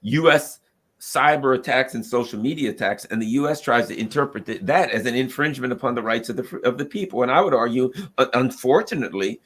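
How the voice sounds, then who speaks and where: Man, American commentator, mid-pitched, argumentative monologue with quoted asides. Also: expressive, fast, fairly bright tone, breathy edge. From United States. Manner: emphatic, argumentative, acts out quoted voices of nations. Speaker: political commentator.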